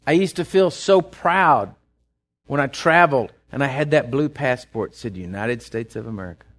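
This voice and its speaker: A man's voice: mid-range voice, lively intonation, moderate pace. A man, a pastor preaching a sermon in a conversational way, retelling scripture and often restarting his sentences. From Texas.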